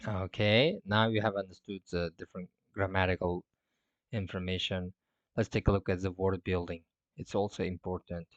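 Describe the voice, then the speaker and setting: Low-voiced man teaching casually, dull sound. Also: flat delivery, moderate pace, no echo. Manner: loose, filler-heavy, self-correcting. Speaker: English teacher. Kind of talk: casual explaining lesson.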